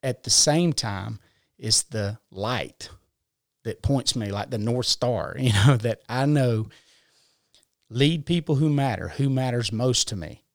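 A man's voice: mid-range voice, slow, gravelly, no room sound, clean studio sound. A man talking in a casual conversation, explaining his ideas earnestly, step by step, with everyday examples. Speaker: podcast guest. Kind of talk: casual conversation about personal growth.

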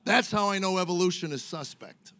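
A man's voice: high-pitched, lively intonation, a little fast, pushed and bright. A middle-aged man doing a stand-up comedy set on stage, telling rambling, self-mocking stories full of fillers. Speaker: stand-up comic. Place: comedy stage before a live audience.

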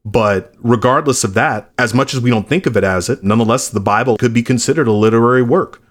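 A man's voice: mid-range voice, quick pace. A man in his late thirties, a musician being interviewed, speaking candidly and reflectively, sometimes blunt. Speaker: musician guest. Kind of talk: interview conversation.

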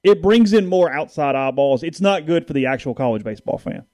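A man's voice: on the high side, fairly quick, no echo, studio quality. A man co-hosting a sports podcast, talking casually and getting worked up in bursts of indignation. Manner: animated, indignant, rising to outbursts.

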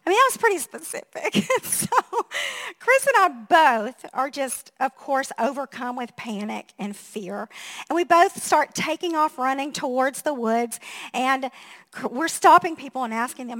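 A woman pastor in her fifties preaches with a high, bright-sitting voice. She talks in a chatty, animated storytelling way, often breaking into laughter and acting out what people said. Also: moderate pace. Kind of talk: storytelling sermon.

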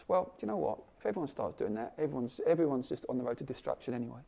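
A man preaching a sermon, animated, swinging from loud emphasis to hushed asides. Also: medium pitch, rapid-fire, vocal fry.

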